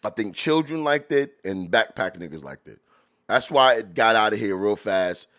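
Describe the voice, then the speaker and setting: A man hosting a podcast, reacting to old rap videos in loose, animated talk full of drawn-out exclamations. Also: lowish voice. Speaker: podcast host. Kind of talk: casual commentary reacting to music videos.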